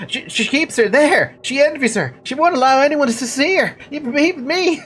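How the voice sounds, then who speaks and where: A woman's voice: high-pitched, animated, fairly quick, a little hiss or hum, voice pushed up. A woman voicing a timid, lovesick male violinist from a village who stutters heavily and pleads. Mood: pleading.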